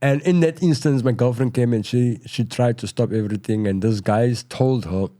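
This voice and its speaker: A middle-aged South African man telling his story in a casual interview, rambling and full of "you know," going quieter at tense moments. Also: medium pitch, normal speed. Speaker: podcast guest.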